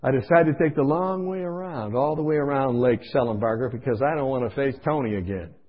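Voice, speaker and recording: A man preaching through a comic personal story, animated and acting out scenes, in a dull lo-fi recording. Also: medium pitch, a little fast. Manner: animated, comic, acts out voices.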